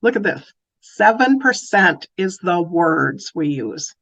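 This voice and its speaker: A woman's voice: on the low side, takes it slowly. Woman giving an early-childhood lesson. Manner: warm, animated when acting out phrases to children. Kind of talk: educational talk.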